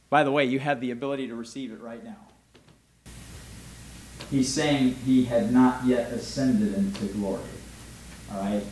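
A male pastor preaching a sermon emphatically, asking his congregation questions and swinging between loud and soft delivery. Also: medium pitch, fairly even intonation, normal speed, pauses often, very echoey, low-quality recording.

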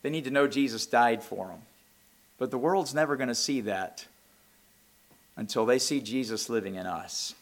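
A man preaching a sermon, reading scripture aloud and rising to loud, impassioned peaks. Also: mid-range voice, normal speed, pauses often. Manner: reads scripture aloud in King James wording. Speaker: pastor.

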